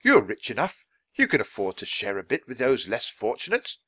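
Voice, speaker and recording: A man's voice: mid-range voice, wildly swooping pitch, normal speed, fairly bright tone, no room sound. A man voicing a genial, courteous male writer in a storybook reading, speaking earnestly. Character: genial, warm-hearted famous male writer, grown man.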